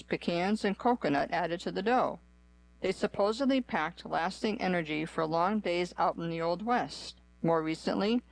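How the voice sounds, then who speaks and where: A magazine article read aloud on a reading-service radio programme, steady and unhurried, with a small pause after each heading. The voice sits mid-range and sounds close to the mic in a dead, dry booth. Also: mid-range voice, dry recording, low-quality recording. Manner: even, measured reading with pauses between list items.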